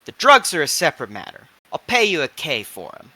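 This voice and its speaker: A man voicing a gruff shady fixer. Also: fairly high pitch, huge pitch swings, fairly quick, pushed and bright, no room sound, voice pushed up, full character voice. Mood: dealmaking. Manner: crude, bargaining, gruff.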